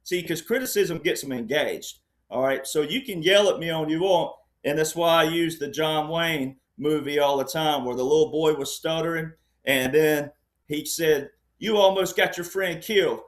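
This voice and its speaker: Man, panel guest, political commentary, rambling and insistent, a touch high-voiced. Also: moderate pace. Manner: rambling, insistent, often says "all right".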